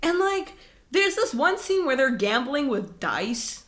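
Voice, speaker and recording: Young woman podcast cohost, chatty and animated, lots of likes and swearing, laughs a lot. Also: high voice, a little slow. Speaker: podcast co-host. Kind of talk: casual chat.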